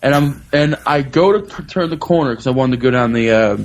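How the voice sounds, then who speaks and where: A man's voice: mid-range voice, brisk. A man on a casual comedy podcast telling blunt stories, full of swearing. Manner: profane, blunt storyteller. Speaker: podcast guest.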